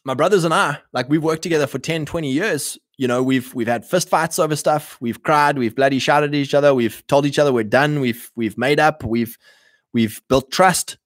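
A man's voice: fairly high pitch, moderate pace, dry recording, studio quality. A man in a casual livestream, talking in a rambling way with many fillers and restarts. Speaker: livestream host.

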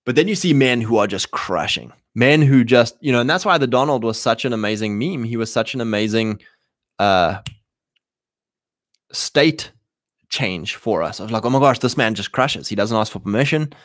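A man talking straight to his listeners, punchy and animated, slipping into quick voices for the people he quotes. His voice sits at an ordinary male pitch and sounds close and dry, with no room echo. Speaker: host. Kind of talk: casual monologue to listeners.

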